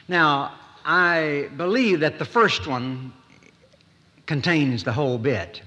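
Man preaching, folksy sermon, bright forceful voice, fairly high, long hall reverb. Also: animated. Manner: folksy, dramatic pauses, rising emphasis. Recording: echoey hall.

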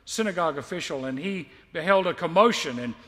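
A male pastor preaching a sermon and reading scripture, by turns emphatic and quietly confiding. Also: fairly high pitch, lively intonation, a little fast, in a large hall. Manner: emphatic, swells loud on key lines, then drops quiet and confiding.

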